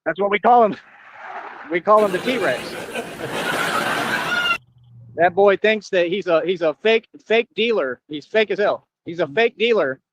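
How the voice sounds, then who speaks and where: A man's voice: high-pitched, expressive, unhurried, long pauses, crowd noise, background noise. A man delivering a boastful, confrontational monologue as a streamer, taunting his listeners. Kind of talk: ranting monologue. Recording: dull lo-fi sound.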